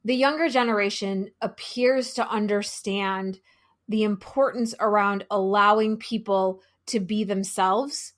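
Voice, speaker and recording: A woman who is a guest on a podcast, speaking frankly and deliberately and swearing freely. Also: medium pitch, steady tone. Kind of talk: casual podcast conversation.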